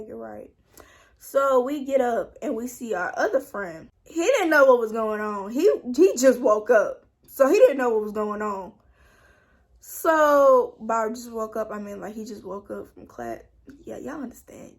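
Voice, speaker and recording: A young woman tells a casual storytime vlog. Her voice sits a little high for a woman, and she gets animated, acting out quoted lines in her own voice. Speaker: vlogger.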